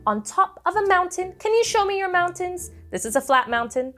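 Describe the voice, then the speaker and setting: A woman's voice: very high voice, big pitch swings, normal speed, soft background music. A young woman telling a story to children, coaxing them to join in with gasps and playful animal noises.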